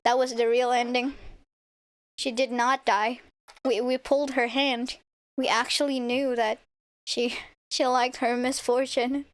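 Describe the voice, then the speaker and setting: A young woman streamer giving excitable, playful game commentary, laughing and swearing freely. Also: fairly high pitch, measured pace, long pauses. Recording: faint game music behind.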